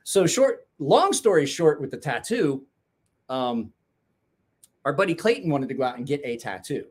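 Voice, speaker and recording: A man's voice: on the high side, very animated, measured pace, long pauses, husky. A man telling a rambling, profane anecdote in casual chat, laughing along. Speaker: storyteller guest.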